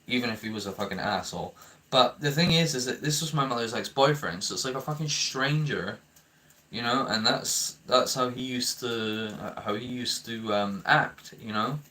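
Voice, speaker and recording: Bright-voiced young man ranting, heated and profane. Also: medium pitch, moderate pace. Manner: heated, profane, stammering restarts. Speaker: vlogger. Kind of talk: ranting commentary to camera.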